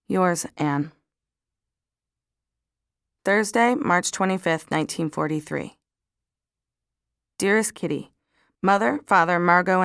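Low gravelly woman reading a diary. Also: no room sound, clean studio sound. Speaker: audiobook narrator. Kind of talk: scripted narration of diary entries.

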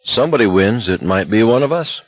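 A man's voice: fairly low pitch, lively intonation, fairly quick, no room sound, muffled recording. A man voicing an anxious young male walker who speaks urgently.

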